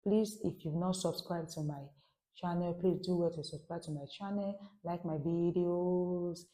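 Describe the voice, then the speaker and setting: Mellow-voiced woman teaching a casual lesson. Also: lowish voice, fairly even intonation, unhurried. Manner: chatty, musing aloud to viewers. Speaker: French teacher. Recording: roomy echo.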